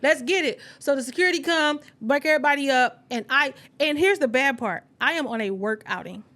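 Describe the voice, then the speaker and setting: A woman's voice: sits high, animated, fairly quick, pushed and bright. A woman telling a story in casual chat, acting out every quote with animation. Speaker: podcast co-host.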